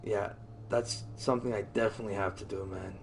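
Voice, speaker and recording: A man's voice: on the low side, fairly even intonation, fairly quick, creaky. Rambling livestreamer man, filler-heavy talk. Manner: rambling, filler-heavy, lots of "like" and "you know"; swears casually. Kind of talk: casual chat with stream viewers.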